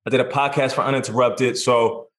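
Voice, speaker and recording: A man in his thirties, a guest in a casual interview, telling stories in a lively way and acting out what others said. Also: medium pitch, brisk. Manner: animated, acts out quotes in voices. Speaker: podcast guest, sports broadcaster. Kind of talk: casual storytelling chat.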